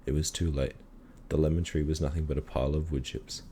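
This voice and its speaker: A man calmly reading a children's story aloud in a measured storytelling manner. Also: a bass voice, slight background noise. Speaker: reader.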